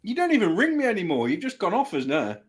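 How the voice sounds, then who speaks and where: Teasing male host, lively voice. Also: sits high, quick pace. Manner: teasing, banter. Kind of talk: casual chat.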